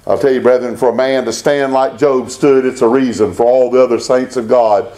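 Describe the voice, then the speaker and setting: A pastor preaching a Baptist sermon, rising into emphatic bursts and reading scripture aloud. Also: male voice, mid-range voice, fairly even intonation, a little fast, dark tone.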